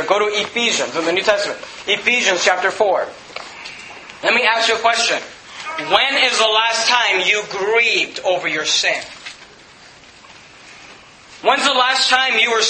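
A man's voice: high-pitched, reverberant, noisy background. A man preaching a sermon as pastor of his church, impassioned and repeating phrases as he builds his points.

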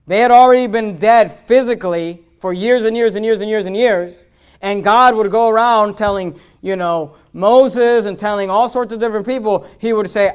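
A man, a pastor, preaching a sermon in a fervent way, mixing chatty asides full of restarts with loud, emphatic passages that build up. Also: high-pitched, smooth. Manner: conversational asides with fillers and restarts.

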